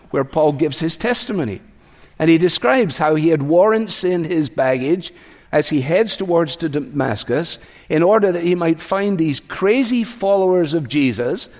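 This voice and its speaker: A man's voice: fairly high pitch, darkish tone. Earnest preacher man in a reverberant hall. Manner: earnest, rhetorical questions, varies his voice for emphasis. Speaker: pastor. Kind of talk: sermon.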